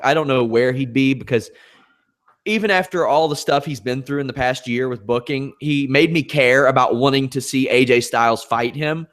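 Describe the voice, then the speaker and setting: A man hosting a podcast, moving through topics in a conversational way and putting questions to his co-host. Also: medium pitch. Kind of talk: casual podcast chat.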